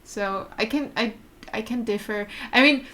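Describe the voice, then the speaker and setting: A woman's voice: on the high side, measured pace, pushed and bright, a little hiss or hum. A young German woman, German her first language, co-hosting a casual livestream chat and laughing often. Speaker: vlog co-host.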